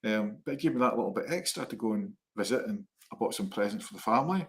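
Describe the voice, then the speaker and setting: A middle-aged man co-hosting a chat show, telling rambling personal anecdotes in a lively way. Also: fairly low pitch, fast. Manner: animated, rambling anecdotes with laughs. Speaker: co-host. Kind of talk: casual storytelling chat.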